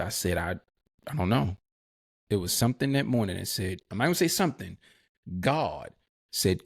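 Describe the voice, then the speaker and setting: Man, podcast co-host, low voice, gravelly, casual slang, animated storytelling. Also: moderate pace, pauses often. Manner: animated storyteller, acts out quoted dialogue. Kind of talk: storytelling in a live podcast chat.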